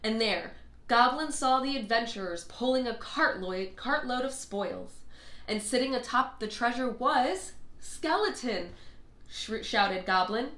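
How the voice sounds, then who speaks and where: A woman reading a children's bedtime storybook aloud in an expressive, lilting way. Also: fairly high pitch, measured pace. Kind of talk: read-aloud storybook narration. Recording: echoey room.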